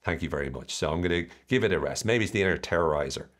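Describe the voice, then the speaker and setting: A man hosts a motivational podcast in a fairly low voice. His pitch rises and falls a lot. He talks playfully and keeps slipping into little acted-out voices. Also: racing. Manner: animated, playful, acts out voices. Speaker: podcast host.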